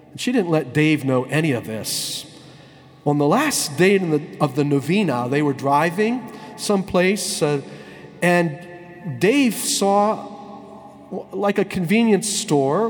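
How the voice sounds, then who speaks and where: A man, a priest, telling a story in a sermon, slowing down and stretching words to stress them. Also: fairly high pitch, lively intonation, big-room sound, soft background music. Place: church.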